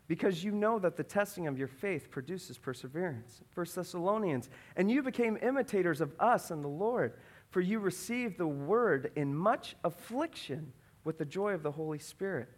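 A man in his thirties preaching a sermon, telling a family story and acting out the voices in it. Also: high-pitched. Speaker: pastor.

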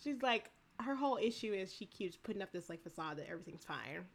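A woman's voice: mid-range voice, quick pace. A woman co-hosting a casual chat, retelling a TV episode with lots of laughter and profanity. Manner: animated, laughing, profane storytelling. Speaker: podcast co-host.

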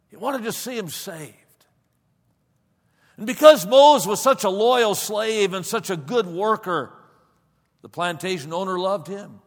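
A man preaching, telling a story dramatically, swinging between loud passages and hushed ones, recorded with a long hall reverb. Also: high-pitched, expressive, unhurried. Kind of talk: sermon storytelling.

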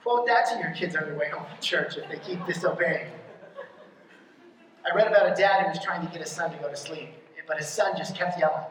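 A pastor giving a conversational sermon, often checking in with the congregation with a quick question, and punching key lines hard. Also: mid-range voice, a bit bright, a little hiss or hum. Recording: very echoey hall, mic from far off.

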